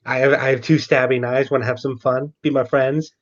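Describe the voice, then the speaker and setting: A man's voice: mid-range voice, flat delivery, fairly quick, lightly acted. Cheery menacing cultist with stabby knives, offhand and chirpy, as a man plays him; lo-fi call. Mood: breezy. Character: chirpy knife-happy male cult recruiter.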